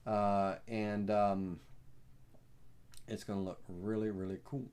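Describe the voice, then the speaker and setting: A man with a Southern US accent hosting a live software tutorial, rambling and folksy with lots of fillers. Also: lowish voice, little pitch movement, slow, slight background noise. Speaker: host.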